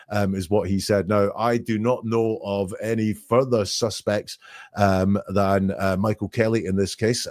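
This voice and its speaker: A man with a fairly low voice, talking through an interview clip by clip like a host on his own show. He reads a line aloud, then breaks it down point by point, analytical and methodical, with a close, dry sound and no room around him. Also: no room sound. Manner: analytical, quotes lines then picks them apart. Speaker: podcast host. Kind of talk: commentary analyzing interview clips.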